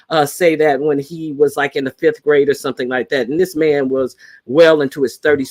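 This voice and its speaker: A man's voice: on the high side, a bit bright. A man hosting a live stream, chatting casually with viewers in a rambling way, full of fillers and restarts. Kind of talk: casual chat.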